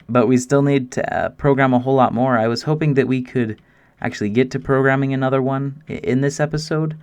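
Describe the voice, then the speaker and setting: A man hosting a casual game map-making tutorial, eager and explaining step by step with frequent restarts. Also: medium pitch. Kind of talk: casual screen-recorded tutorial narration.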